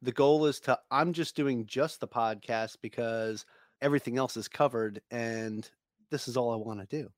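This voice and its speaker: A man's voice: medium pitch, moderate pace, dry recording. Easygoing New man, dry sound. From Long Island, New York. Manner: friendly, easygoing, repeats words. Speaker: podcast guest. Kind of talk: casual interview chat.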